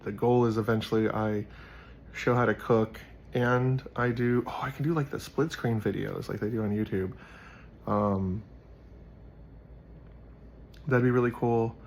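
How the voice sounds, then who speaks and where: A man's voice: on the low side, steady tone, a little slow, gravelly, pauses often, slight background noise. A man hosting his own show, chatting casually about a Bible verse and rambling as he thinks aloud. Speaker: host. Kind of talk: casual scripture commentary.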